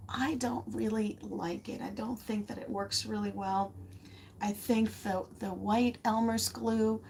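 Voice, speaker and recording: Slow, chatty woman teaching crafts. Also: mid-range voice, steady tone, creaky, a little mellow, slight background noise. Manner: chatty, rambling, laughs often. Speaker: art teacher. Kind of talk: casual livestream craft lesson.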